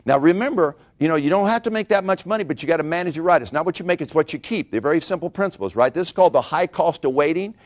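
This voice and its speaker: A middle-aged man delivers a motivational money seminar at a rapid clip. His voice sits high for a man, and he keeps hammering points home with rhetorical questions. He sounds energetic and a little preachy. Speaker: financial seminar speaker.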